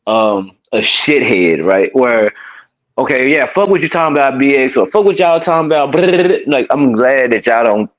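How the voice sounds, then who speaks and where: Young man, profane storyteller, lively swooping pitch, dull lo-fi sound. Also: moderate pace. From Memphis, Tennessee. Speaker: stream co-host. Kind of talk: casual chat.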